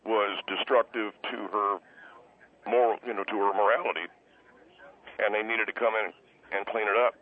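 A man's voice: fairly low pitch, steady tone, moderate pace, pauses often. Hesitant male caller over a phone line. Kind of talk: call-in radio debate. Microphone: telephone.

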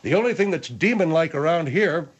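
A man's voice: on the high side, animated, slightly rough, muffled recording, voice pushed up. A man voicing a hot-tempered, blustering man called the General. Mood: angry. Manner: blustering, quick to anger.

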